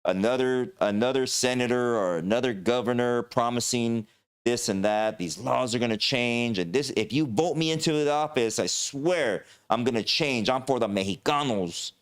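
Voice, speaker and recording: A man's voice: medium pitch, normal speed, clear, resonant tone. A man hosting a livestream talk show, ranting with passion and filling his talk with "you know.".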